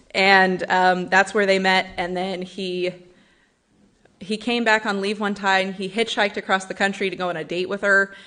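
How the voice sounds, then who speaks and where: A young woman giving a personal testimony and reading scripture at a church service, in an earnest, gently conversational way. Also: mid-range voice, flat delivery, a little slow. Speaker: church member giving a talk.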